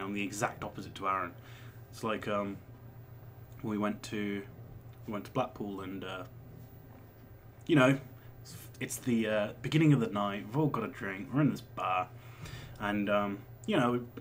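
A man's voice: on the low side, moderate pace, a little hiss or hum. A man in his twenties, chatting casually as a vlogger answering viewer questions, rambling and swearing as he goes. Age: 20s. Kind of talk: casual chat.

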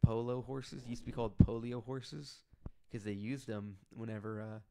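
A man's voice: mid-range voice, steady tone, normal speed, creaky, warm tone, slight background noise. A man co-hosting a casual podcast, telling rambling stories about his job as a detention officer and acting out the people he quotes. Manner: rambling storyteller who acts out quoted people.

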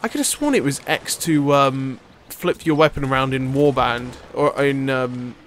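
A young man giving excitable, rambling let's-play commentary as he plays, swearing casually. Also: mid-range voice, moderate pace, a little hiss or hum. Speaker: gaming video host.

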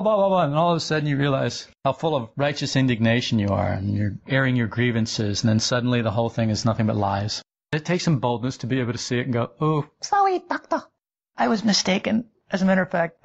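Animated man giving a spiritual talk. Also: fairly high pitch. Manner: lively, acts out imagined dialogues, laughs at himself. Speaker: spiritual teacher. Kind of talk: esoteric talk to a group. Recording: dull lo-fi sound.

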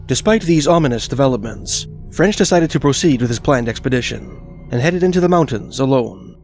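A man reading a scripted documentary narration in a measured, even storytelling manner. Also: medium pitch, faint music behind.

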